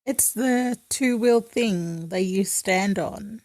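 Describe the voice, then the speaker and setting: A young Australian woman guesting on a podcast, chatting casually, sarcastic and quick to giggle. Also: medium pitch, darkish tone, dry recording. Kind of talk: casual chat.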